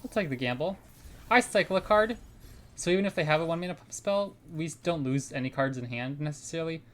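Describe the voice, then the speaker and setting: Streaming a card game from home into a desk mic, a man talks fast in a voice on the high side, animated and fairly bright. He chats casually, thinks aloud about his plays and gives frank opinions.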